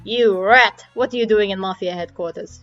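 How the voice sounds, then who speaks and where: A woman voicing a gruff, boastful male mob boss who speaks in clipped, broken English. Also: medium pitch, normal speed, a bit bright, lightly acted. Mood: blustering. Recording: dull audio with faint music.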